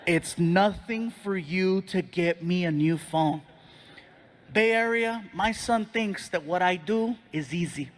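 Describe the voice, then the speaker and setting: A man doing a stand-up set, telling animated, exasperated stories about fatherhood to a live audience. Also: sits high, a little hiss or hum. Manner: animated storytelling, exasperated dad. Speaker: stand-up comedian. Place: live stage before an audience.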